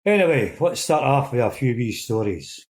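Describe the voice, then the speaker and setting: A comedian telling jokes in a chatty storytelling manner. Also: male voice, medium pitch, very animated, normal speed, darkish tone. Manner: chatty storyteller building up to punchlines.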